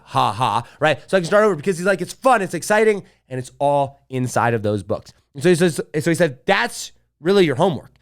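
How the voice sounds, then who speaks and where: A man hosting his own show, excitedly retelling a business event and quoting others in a lifted voice. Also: a little high. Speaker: podcast host. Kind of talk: energetic solo recap to camera. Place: home studio with glitching lights.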